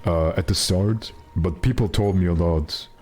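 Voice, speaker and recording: A young man with a naturally very deep voice, chatting casually on a game stream, rambling and joking with lots of fillers. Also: unhurried, darkish tone.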